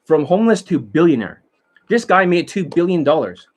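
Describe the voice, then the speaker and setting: A man's voice: fairly high pitch, sing-song, normal speed, a little hiss or hum. A man, a dating coach from Canada, talking to his students in a blunt, rambling, profane monologue and scolding them.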